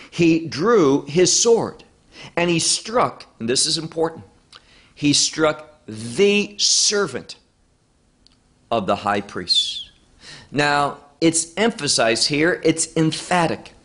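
Slow, expressive male Bible teacher. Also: medium pitch. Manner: emphatic, with rhetorical questions. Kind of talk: verse-by-verse Bible lesson.

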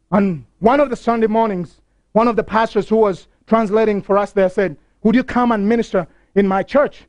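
High-voiced male preacher, impassioned. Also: no room sound. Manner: impassioned storytelling with repeated phrases. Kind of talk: sermon.

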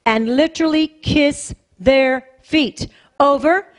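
A woman's voice: high voice, slow pace. A woman pastor preaching a sermon in a conversational, emphatic way, repeating phrases for weight.

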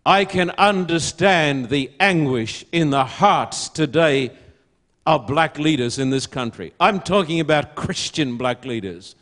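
A man's voice: on the high side, animated, unhurried, fairly bright tone. An older man preaching a sermon to an audience, emphatic and full of rhetorical questions.

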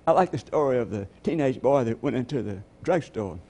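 A man's voice: medium pitch, animated, a little fast, warm tone. A man preaching a sermon as pastor, telling stories and asking the congregation rhetorical questions.

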